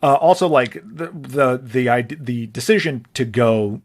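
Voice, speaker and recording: A man's voice: mid-range voice, unhurried. A man co-hosting a podcast in casual chat, rambling and thinking aloud with restarts. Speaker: podcast co-host.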